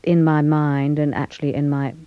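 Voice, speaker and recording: An older actress giving a radio interview, speaking thoughtfully with frequent pauses, fillers and restarts. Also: female voice, low voice, level tone, no room sound, lo-fi sound. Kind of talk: reflective interview conversation.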